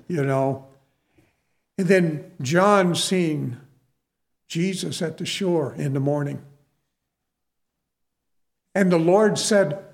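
Male preacher, middle-aged, unhurried sermon delivery, conversational asides. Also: high-pitched, expressive. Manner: conversational, self-deprecating, many asides.

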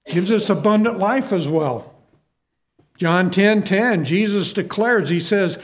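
A man preaching a sermon in an unhurried, folksy way, leaning on repetition to drive his points home. His voice sits notably high for a man, and he takes his time between phrases. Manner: folksy, repeats key phrases for emphasis. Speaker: pastor.

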